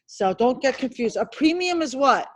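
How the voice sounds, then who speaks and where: A woman teaching an insurance licensing class, quizzing students with rapid questions and emphatic reminders. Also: sits high, rough recording. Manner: emphatic and animated. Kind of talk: classroom review lecture.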